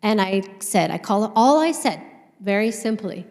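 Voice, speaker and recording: A woman's voice: mid-range voice, measured pace. Candid woman storyteller in a reverberant hall. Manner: candid, animated storytelling with casual swearing. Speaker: conference speaker. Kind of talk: storytelling talk on stage. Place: conference hall stage.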